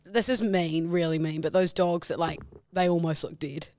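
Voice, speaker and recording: A woman's voice: lowish voice, steady tone, moderate pace, darkish tone, no room sound. A young adult woman with an Australian accent, co-hosting a podcast with teasing, playful banter. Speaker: podcast co-host. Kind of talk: casual chat.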